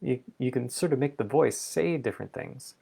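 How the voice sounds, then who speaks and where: A man's voice: mid-range voice, expressive, moderate pace, gravelly, warm tone, husky. A man hosting a reflective solo talk, thinking aloud in an exploratory, playful way. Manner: thoughtful, exploratory, playful asides. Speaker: vlog host.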